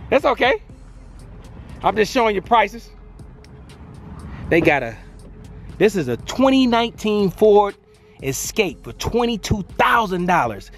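A man's voice: sits high, big pitch swings, measured pace, long pauses, soft background music. A man vlogging casually on an outdoor used car lot, reacting to prices with slangy exclamations, filmed on a handheld phone. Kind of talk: casual walk-around vlog.

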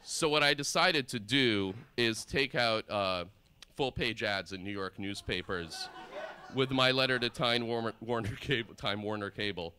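A man in his thirties, from the former Soviet Union, doing deadpan, rambling stand-up comedy on stage at a live show. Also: fairly low pitch, a little slow. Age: 30s. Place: live performance space on stage.

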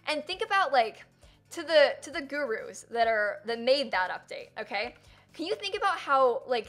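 A young woman streaming live, chatting casually and rambling with lots of fillers as she reads chat and thanks viewers. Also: a little high.

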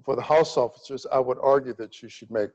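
A middle-aged man from Louisiana giving a grand rounds medical lecture, emphatic and deliberate in his pacing. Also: mid-range voice, a little mellow, muffled recording. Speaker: cardiology lecturer.

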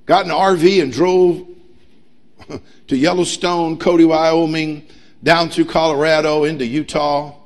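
A middle-aged man preaching a sermon as pastor, emphatic and humorous, swinging between loud pushes and quiet asides. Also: fairly high pitch, steady tone, unhurried. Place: church sanctuary.

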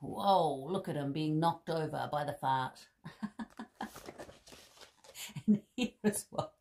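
A woman's voice: low voice, slow, gravelly, mellow, a little hiss or hum. A woman reading a bedtime story to children in a playful, chatty way, laughing and commenting on the pictures.

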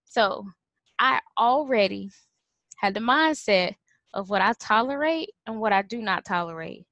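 A woman's voice: medium pitch, animated, unhurried, fairly bright tone, no echo, dull audio. A woman telling a story casually to camera, acting out quotes and laughing often. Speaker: vlogger and former preschool teacher.

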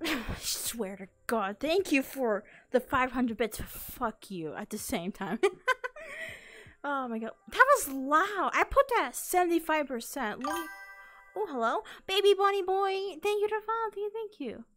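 A woman chats casually on a live stream, bubbly and excitable, her high voice moving at an unhurried pace. She's easily startled into loud yelps and laughs and playfully repeats catchphrases.

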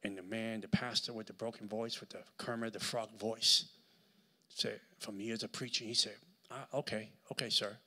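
A man with a Puerto Rican accent preaching a sermon as guest speaker at a church service, telling stories in an animated way and building up to loud preaching. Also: on the low side, moderate pace.

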